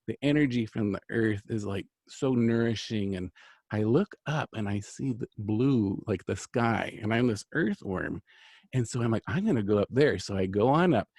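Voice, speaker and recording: Earnest rambling man, lowish voice. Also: a little mellow, dry recording. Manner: rambling, earnest, full of fillers and restarts. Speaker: host, angel card reader and healer. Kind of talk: casual storytelling chat.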